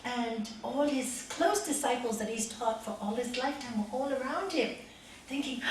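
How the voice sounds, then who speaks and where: A woman meditation teacher giving a spiritual talk with stories to a small group, swinging between loud emphasis and soft, hushed asides. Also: sits high, expressive, moderate pace. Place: meditation centre room with a group. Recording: echoey room, voice from a distance, faint hiss.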